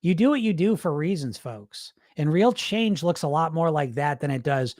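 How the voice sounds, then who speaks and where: A man's voice: a little high, animated, normal speed, few pauses, darkish tone, dry recording, clean studio sound. A middle-aged man hosting a weight loss talk show, speaking casually and candidly, swearing freely and acting out his own inner voices.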